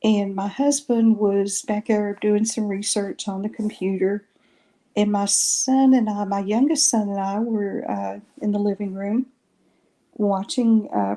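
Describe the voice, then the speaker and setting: A middle-aged woman tells her story in a loose, rambling way. She often stops to correct and restate details. Her voice is mellow and warm, pitched in the middle. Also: steady tone, a little slow. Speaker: guest recounting paranormal experiences. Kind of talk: casual storytelling interview.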